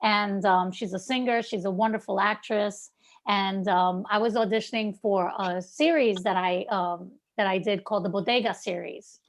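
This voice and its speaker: A woman with a Brooklyn accent giving an actor animated, chatty coaching feedback over a video call, full of fillers. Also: medium pitch, moderate pace. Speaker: acting coach.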